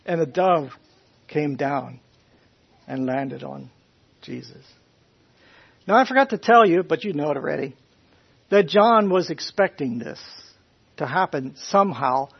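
Guy teaching a bible class, folksy, asks questions, kinda husky, dull lo-fi recording. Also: on the high side, a little slow, long pauses. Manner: questions the listeners, folksy, animated. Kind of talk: conversational sermon.

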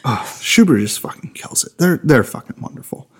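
A man's voice: mid-range voice, lively intonation, normal speed, breathy edge. A man co-hosting a podcast in casual chat, enthusiastic and swearing freely. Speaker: podcast co-host.

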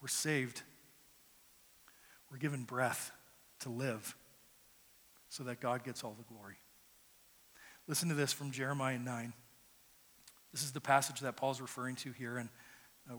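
A man's voice: medium pitch, steady tone, moderate pace, long pauses, a bit bright. A man preaching a sermon as pastor, earnest and conversational, often repeating words as he starts a phrase. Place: church sanctuary. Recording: long hall reverb.

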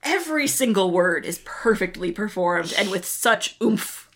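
A woman co-hosting a podcast in casual recap chat, animated and laughing, often acting out characters' lines. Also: medium pitch, unhurried. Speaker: podcast co-host.

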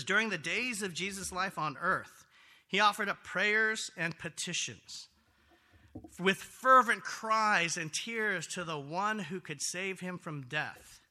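Male pastor, high and very bright voice, lively sermon delivery that swings loud and soft. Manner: animated, swings from loud excitement to quiet earnestness. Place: church sanctuary.

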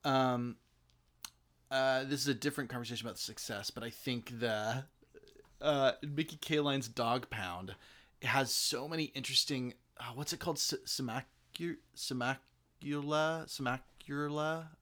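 Brief: man, casual film talk, mid pitch, restless and digressive delivery. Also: moderate pace, bright, forceful tone. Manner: rambling, many fillers and restarts.

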